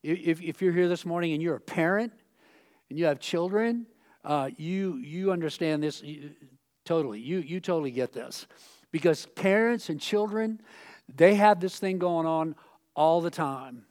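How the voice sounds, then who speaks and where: A man pastor giving a sermon on a church stage in a conversational way, acting out quoted voices with sudden loud outbursts. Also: a little high, moderate pace.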